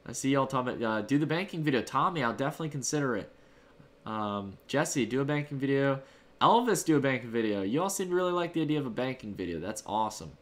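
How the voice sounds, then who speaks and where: Man, livestream host, upbeat, casual, reads chat out loud, loose rambling talk, mid-pitched voice. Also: expressive, fast talker. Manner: loose, rambling delivery with fillers and restarts. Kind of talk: casual live chat with viewers.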